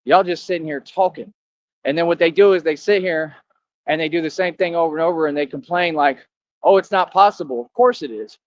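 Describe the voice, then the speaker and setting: Man, confrontational street talk, boastful vlogger, slightly high voice, muffled lo-fi sound. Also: steady tone, brisk, no echo. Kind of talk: street monologue to viewers. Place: outdoors.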